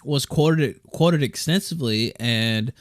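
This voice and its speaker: A man speaks offhand and quick at a middle pitch, with a dry, close sound. He chats casually as the host of a livestream. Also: dry recording. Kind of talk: casual livestream chat, reading donations aloud.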